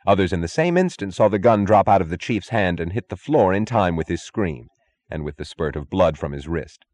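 A man reading a novel aloud as an audiobook narrator, with steady, expressive storytelling. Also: low-pitched, a little fast, no echo. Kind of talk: scripted narration.

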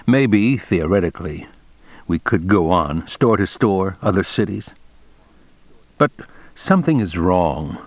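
A man's voice: low voice, animated, a little slow, long pauses, dry recording. A man voicing a defeated, brooding male jewelry maker in an audiobook, with a weary, introspective manner.

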